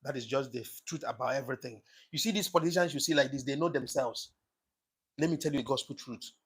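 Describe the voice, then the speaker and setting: A man's voice: on the high side, fairly bright tone. A man giving an impassioned, preachy political monologue, repeating his points for emphasis. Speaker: commentator on his own channel.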